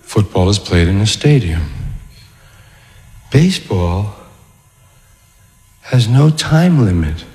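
A man doing a live stand-up routine, delivering deliberate, ironic comparisons. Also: fairly low pitch, very animated, a little mellow. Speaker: stand-up comedian. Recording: reverberant live hall recording.

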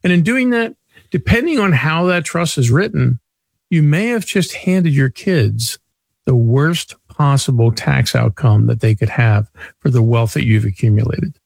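A man's voice: mid-range voice, animated, a little slow, gravelly, a little mellow, breathy edge, no echo. A man in his sixties hosting a radio talk show, a chatty, self-deprecating storyteller. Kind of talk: casual radio chat.

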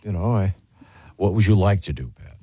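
A man's voice: low-pitched, animated, normal speed, dark tone, slightly rough, no room sound. A man hosting a casual morning radio show, chatty, trips over his words and laughs easily.

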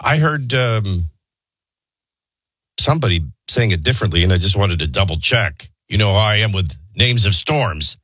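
A man's voice: lowish voice, lively intonation, moderate pace, a bit bright, slightly rough, no room sound. A man hosting a morning radio show, reading the news with opinionated, sardonic asides. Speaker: radio talk show host.

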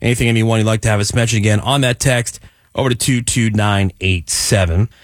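A man's voice: fairly low pitch, fairly even intonation, brisk, no room sound, clean studio sound. A man hosting a morning radio show, mixing promos and listener prompts with jokey banter and blunt opinions. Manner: reads a phone number and list, then jokes and complains.

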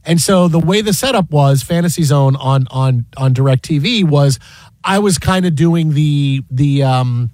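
A male sports broadcaster with a high voice chats and tells stories in an animated, repetitive way. The sound is dry and close. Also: measured pace, no room sound. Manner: animated, many repeated words. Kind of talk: casual storytelling chat.

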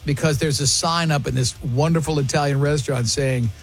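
A man's voice: on the high side, steady tone, fairly quick, gravelly, soft background music. A man hosting a radio talk show, chatting casually in an emphatic, opinionated way with plenty of restarts. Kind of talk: casual morning-show banter.

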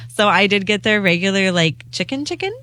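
A woman's voice: mid-range voice, animated, brisk, pushed and bright, dry recording. A young woman co-hosting a late-night radio chat, playful and self-mocking, laughing often. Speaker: radio show co-host.

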